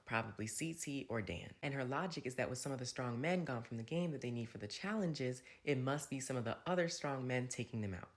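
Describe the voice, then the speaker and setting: A man's voice: mid-range voice, a bit bright. A man hosting a casual, gossipy recap of a reality TV episode, with playful asides. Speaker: recap host.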